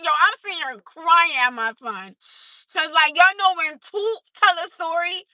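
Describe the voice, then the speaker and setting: A woman livestreams from her car in a casual chat, telling animated stories and laughing often. Her voice is high and very bright, and it swings widely in pitch. The sound is dry and close, as if picked up by a phone. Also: normal speed, no room sound. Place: in a car at a drive-through.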